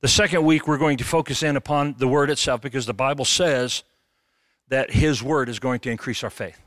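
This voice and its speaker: A middle-aged man preaching a sermon as a pastor, animated and conversational, with jokes. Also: mid-range voice, a little fast, no echo, clean studio sound.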